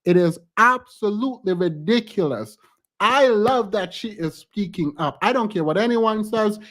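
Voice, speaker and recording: An outspoken woman commenting casually on a clip she is watching. Her voice sits at a middle pitch, and she breaks into laughter often between her remarks. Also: animated, normal speed. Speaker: reaction commentator.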